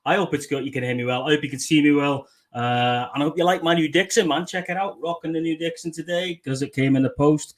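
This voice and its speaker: A man's voice: on the high side, fast, hardly any pauses. A man hosting a casual motorcycle livestream, chatty and jokey, swearing casually. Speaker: livestream host. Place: Alberta home.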